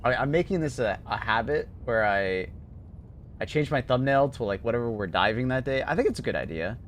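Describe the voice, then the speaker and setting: A man's voice: mid-range voice, animated, fairly quick, a little hiss or hum. A man chatting casually to his live-stream viewers in a laid-back, slangy way, laughing often.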